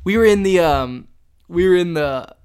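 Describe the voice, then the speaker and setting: Rambling young man with a higher voice. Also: expressive, a little mellow, clear, resonant tone. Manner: rambling, halting, with many fillers and restarts. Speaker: storyteller in casual chat. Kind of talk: casual chat.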